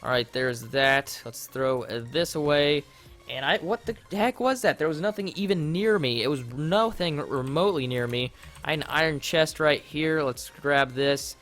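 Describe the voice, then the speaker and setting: A young man casually commenting on his game during a livestream, rambling and easily flustered, and often breaking into loud, panicked yelling. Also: a little high, normal speed, faint music behind. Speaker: livestreamer playing a modded block game.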